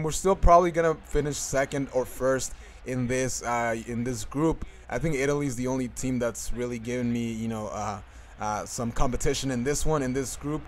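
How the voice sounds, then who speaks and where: A man's voice: medium pitch, normal speed. Rambling young man commentating gameplay. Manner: rambling, many fillers and restarts. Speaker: gaming commentator.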